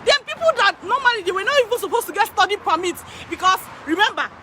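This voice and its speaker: A woman working as an immigration consultant, talking excitedly to her viewers, repeating phrases for emphasis and laughing often. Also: very high voice, fast talker, a little hiss or hum. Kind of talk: excited direct-to-camera talk. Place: in Canada.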